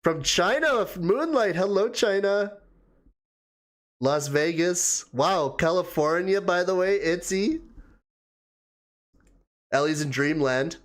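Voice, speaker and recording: Male livestream host, slow and easygoing, slightly high voice, reads comments aloud and laughs a lot. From Canada. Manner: chatty, laughs often, greets viewers one by one. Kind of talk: casual live chat reading viewer comments.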